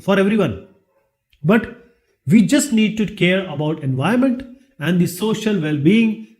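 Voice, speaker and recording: A man's voice: high voice, darkish tone. A man with an Indian English accent teaching a lesson, asking rhetorical questions and then answering them himself. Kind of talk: classroom lecture.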